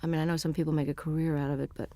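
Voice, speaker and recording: A woman's voice: low voice, little pitch movement, very fast, mellow, no room sound. A middle-aged woman musician being interviewed, talking in a chatty, rambling, frank way. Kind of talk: casual interview chat.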